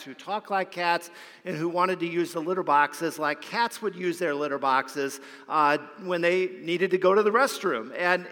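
In a church sanctuary with long reverb, a pastor preaches and tells a story, frequently repeating a word as he launches a phrase. His voice sits high with a fairly bright tone.

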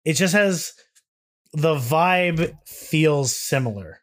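A man's voice: on the high side, animated, takes it slowly, a bit bright. Rambling young man on a podcast. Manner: rambling, self-deprecating, profane. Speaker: podcast co-host. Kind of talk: casual chat.

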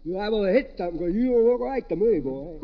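A man's voice: high voice, expressive, fast talker. An actor playing a tipsy, wisecracking man on Christmas, with slurred, rambling drunk patter, in 1940s radio comedy style. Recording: noisy dull old radio broadcast.

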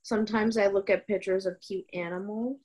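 A woman's voice: medium pitch, steady tone, a little fast, darkish tone. A woman taking part in a group discussion, talking in a wry, chatty way. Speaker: group participant.

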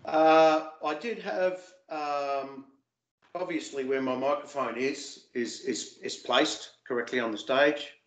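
Man recalling with halting repeats, echoey room. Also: mid-range voice, a little hiss or hum. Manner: hesitant, repeats words, animated when recalling. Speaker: interview guest, former singing show contestant. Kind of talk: casual interview talk.

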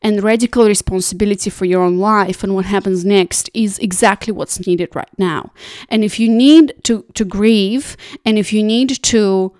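A woman's voice: medium pitch, steady tone, normal speed, darkish tone, no room sound, clean studio sound. A woman life coach talking straight to camera, giving earnest, conversational advice with lots of "like" and "you know".

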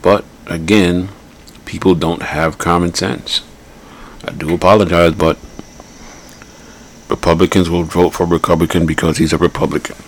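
A man's voice: sits low, flat delivery, normal speed, a little hiss or hum. A man hosting a podcast, giving blunt, rambling political commentary and repeating his points. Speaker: podcast host.

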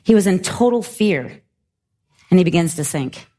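A middle-aged woman preaching a sermon and telling a story in an animated, laughing way. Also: lowish voice, moderate pace. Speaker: pastor.

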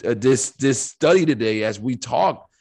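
A man co-hosting a faith podcast, talking in an animated, emphatic preaching style with rhetorical questions and scripture quotes. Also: mid-range voice, moderate pace, creaky, slightly rough. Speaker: podcast co-host.

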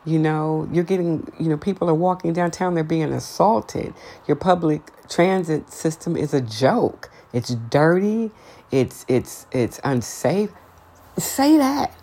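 A woman's voice: low-pitched, unhurried, dark tone, breathy edge. A woman hosting a podcast, giving her blunt, outspoken opinions in a casual monologue, her voice climbing when she gets heated. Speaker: podcast host.

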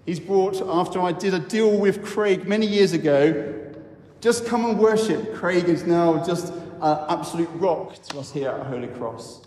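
A man who is a vicar, giving a sermon in a church and telling the story slowly with reflective pauses. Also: fairly high pitch, a little mellow. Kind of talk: sermon talk. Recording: echoey church hall.

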